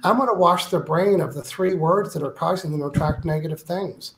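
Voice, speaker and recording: A man's voice: fairly high pitch, fairly quick, vocal fry, a bit bright. A man speaking as a guest author in an interview, emphatic and playful, acting out quoted complaints. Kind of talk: animated interview talk.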